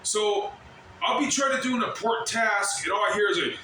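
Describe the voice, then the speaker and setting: A man ranting casually to the camera at work, rambling and swearing as he mimics other people's shouts. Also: sits high, a little fast, recorded from a distance, slight background noise. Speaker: vlogger. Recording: very echoey, from off the mic.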